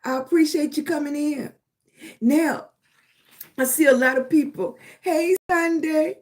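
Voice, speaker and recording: Lady hosting a live stream, kinda high voice, takes her time, calls everybody baby and sweetie. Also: steady tone, a little slow. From Virginia, USA. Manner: affectionate, calls listeners baby and sweetie, keeps asking "right?". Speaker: livestream host. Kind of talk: live-stream motivational talk and greeting viewers.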